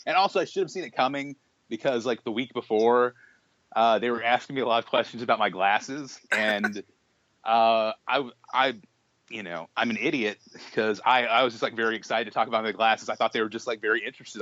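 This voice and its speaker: A young man co-hosting a podcast, telling an animated story in casual chat, full of restarts and acted-out quotes. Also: medium pitch, normal speed, no room sound, dull audio. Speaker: podcast co-host.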